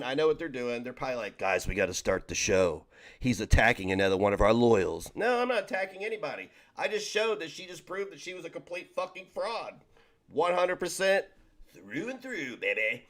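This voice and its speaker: A man hosting a commentary channel, ranting in an exasperated, profane way about a clip he is reacting to. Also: on the high side. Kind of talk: reaction rant.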